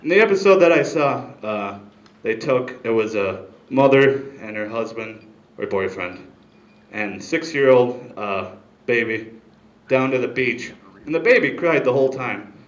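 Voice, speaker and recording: A man performing stand-up in a small club, his voice sitting at an ordinary middle pitch. He rambles through his bits with deadpan asides, close on a handheld mic, and the room around him rings with echo. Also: measured pace. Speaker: stand-up comedian. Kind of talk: stand-up comedy set.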